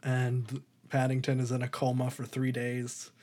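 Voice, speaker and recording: A man's voice: medium pitch, completely flat delivery, measured pace, warm tone. A man co-hosting a casual podcast, rambling through a movie recap with frequent laughs. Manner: rambling, laughing, breaks into put-on voices for quotes. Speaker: podcast co-host.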